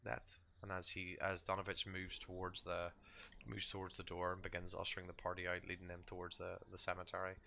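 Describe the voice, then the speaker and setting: A man's voice: low-pitched, completely flat delivery, brisk, vocal fry, sharp tone, lo-fi sound. A man narrating a tabletop horror game as game master, describing scenes with frequent restarts and fillers.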